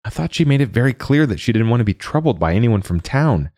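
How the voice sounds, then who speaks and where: An earnest young person questions their father with doubt, the voice lifted well above a deep storyteller's own, as a male narrator does the part. The reading is dry and close. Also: sing-song, quick pace, mellow, dry recording. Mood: doubtful. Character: mayor's young grown child, reluctant and earnest.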